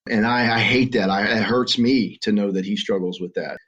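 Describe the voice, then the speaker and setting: A middle-aged man with a Southern American accent, telling his story as a podcast guest in an earnest, halting way with frequent restarts. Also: lowish voice, fairly bright tone. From Southern United States. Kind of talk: conversational storytelling. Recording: muffled lo-fi audio.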